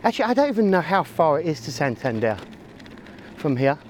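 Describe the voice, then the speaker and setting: A cycling vlogger rides outdoors along country roads and through the city, rambling jokily about his ride and route, mocking himself and talking to himself. His voice is on the high side, very animated, fairly quick and darkish, with faint traffic and outdoor noise behind.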